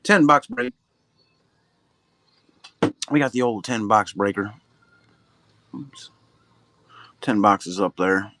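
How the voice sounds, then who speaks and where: A man's voice: lowish voice, takes it slowly, long pauses, pushed and bright, a little hiss or hum. A middle-aged man hosting a live card-break stream, chatting loosely and humming little filler sounds between remarks. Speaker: livestream card-break host. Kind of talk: casual live-stream chat.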